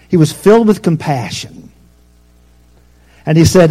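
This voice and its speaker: A pastor preaching a sermon, swinging between loud emphatic peaks and soft, low asides. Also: male voice, animated, normal speed.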